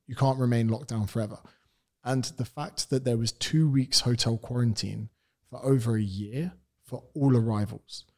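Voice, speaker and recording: A man's voice: mid-range voice, darkish tone. A man from England, a personal trainer guesting on a podcast, talking bluntly and with strong opinions. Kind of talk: casual interview chat.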